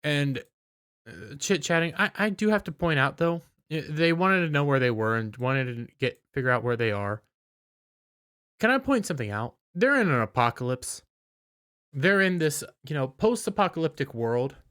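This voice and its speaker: A tired man giving a casual, rambling spoken recap of a TV episode, with halting restarts. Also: on the high side, sing-song, fairly bright tone, smooth. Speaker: video reviewer.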